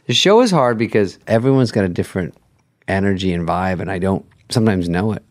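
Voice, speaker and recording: A man's voice: low voice, fairly quick, dry recording. A middle-aged man on a podcast, chatting casually and acting out quotes as he tells stories. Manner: animated storytelling, acts out quotes. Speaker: late-night host, guest.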